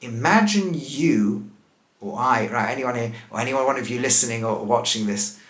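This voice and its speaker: A man, a rabbi, teaching scripture in a lively way, asking rhetorical questions and laughing at the text. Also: medium pitch, moderate pace, echoey room. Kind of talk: animated scripture lesson.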